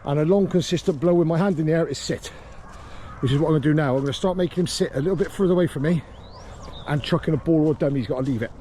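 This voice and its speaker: A man, a dog trainer, calmly explaining a training session on an outdoor grass field. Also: fairly high pitch, very fast, a little hiss or hum. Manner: calm explaining, with sharp shouted commands to a dog.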